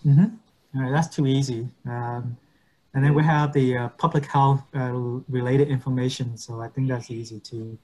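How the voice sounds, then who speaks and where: A man teaching medical English in an online class, patiently repeating words slowly and switching languages. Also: medium pitch, fairly even intonation, a little mellow.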